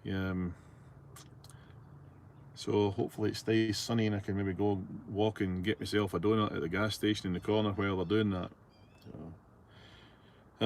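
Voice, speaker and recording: Slight background noise accompanies this middle-aged Scottish man as he drives his truck, his lowish voice steady and unhurried with long pauses. He casually rambles, reading out viewer messages and using lots of fillers.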